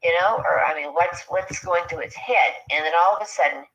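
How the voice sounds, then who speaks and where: A woman's voice: lowish voice, fairly quick. Woman telling a story over a dull lo-fi line. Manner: animated, acts out quoted speech. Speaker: guest telling an encounter story. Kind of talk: casual storytelling.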